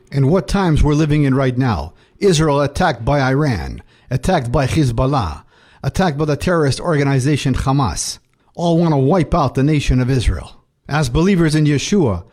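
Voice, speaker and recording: A man's voice: medium pitch, darkish tone. Man preaching a ministry update. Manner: preaching, reads scripture aloud. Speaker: Messianic rabbi.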